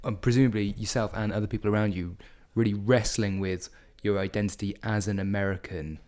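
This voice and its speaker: Male interviewer, lower voice, probing questions. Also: fairly even intonation, a little fast. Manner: probing questions, soft backchannel murmurs. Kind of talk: casual interview.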